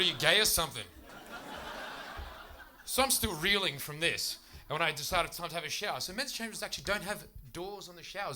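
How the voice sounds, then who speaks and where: A young Australian man with an Australian accent works a comedy club stage with a handheld mic, his voice pitched high and very bright and forceful. He rattles through his stories in a quick, chatty stand-up delivery with bursts of laughter.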